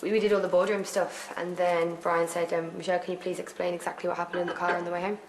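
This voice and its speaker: A young woman talks fast in lively casual chat, slipping into quoted voices as she retells events. Her voice sits a touch low. A steady background noise runs under the recording. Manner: animated retelling, acts out quotes. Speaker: reality show contestant. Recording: noisy house recording.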